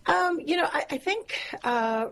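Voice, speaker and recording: A woman's voice: high-pitched, lively intonation, unhurried, vocal fry. Reflective woman songwriter, chatty. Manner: warm, reflective, frequent fillers and soft laughs. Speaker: songwriter and musician guest. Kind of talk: casual interview conversation.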